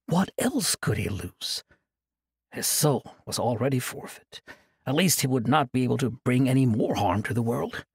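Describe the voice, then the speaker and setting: A man narrating a fantasy audiobook in an expressive, dramatic storytelling manner, close to the microphone. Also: mid-range voice, normal speed, creaky, slightly rough, no echo.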